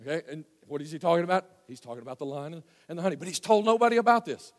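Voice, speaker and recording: A man preaching a sermon, telling the story in a folksy way and swinging from loud to hushed. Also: fairly high pitch, animated, racing. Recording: long hall reverb.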